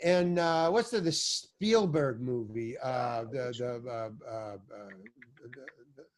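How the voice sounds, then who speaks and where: An older man, an actor, telling animated, rambling stories as a podcast guest, swearing and restarting his sentences. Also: medium pitch, takes it slowly. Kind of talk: storytelling in a podcast interview.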